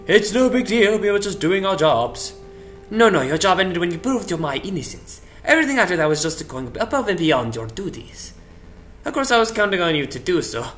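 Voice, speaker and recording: A man voicing a smooth, formal male fox who works as a private investigator, with a sly manner. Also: fairly high pitch, fairly bright tone. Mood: suave. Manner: sly, formal, drops French courtesies.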